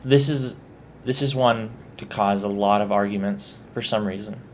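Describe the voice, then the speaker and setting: A man's voice: fairly low pitch, normal speed, a little mellow, slight background noise. A man with a Texan accent, casually musing about his own pronunciation in a vlog. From Texas. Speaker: vlogger.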